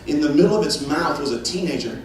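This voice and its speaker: A man in his thirties doing a stand-up comedy set, telling a story with lively energy and acting out voices. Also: on the high side, fast talker, very noisy. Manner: animated storytelling, acts out voices and rising excitement. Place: large church hall with a live audience. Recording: echoey hall from far off, audience laughter.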